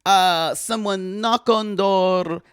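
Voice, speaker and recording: A man voicing a scheming, world-weary woman cousin named Olga, talking in halting, broken English with dramatic pauses in an improvised comic bit. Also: high voice, steady tone, fairly bright tone, clean tone, no echo, studio quality, voice pushed up. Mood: sly.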